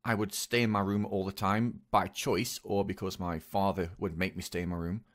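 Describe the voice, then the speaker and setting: A young male vlogger delivers a personal, confessional monologue in a deep, flat voice. He speaks hesitantly, pausing often and restarting his sentences.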